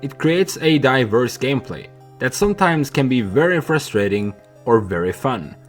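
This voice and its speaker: A young man narrating a video essay in a candid, animated way that includes swearing. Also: mid-range voice, moderate pace, soft background music.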